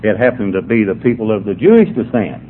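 An older man spins humorous yarns for the audience at a sobriety meeting, folksy and drawling yet very animated and fast-talking, his pitch fairly low. The recording is tinny and phone-like, with faint noise.

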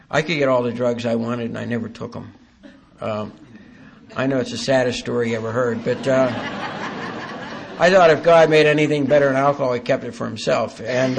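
A man with a gravelly, fry-edged voice speaks at a recovery meeting. He tells his story haltingly and earnestly, with a dry, self-deprecating humor. His pitch sits in an ordinary middle range. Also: a little hiss or hum. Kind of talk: personal testimony talk.

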